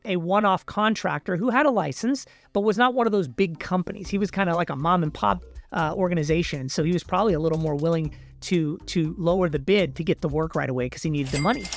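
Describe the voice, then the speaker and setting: A man's voice: high-pitched, vocal fry. A man hosting a video, casually telling a personal story with fillers and asides to the viewers. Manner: chatty, animated retelling with fillers, addresses viewers as people. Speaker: video host.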